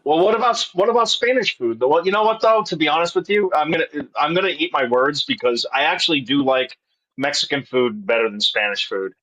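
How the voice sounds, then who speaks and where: A man in a casual chat, rambling with fillers and quick laughter. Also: a little high, lively intonation, fairly bright tone, poor audio.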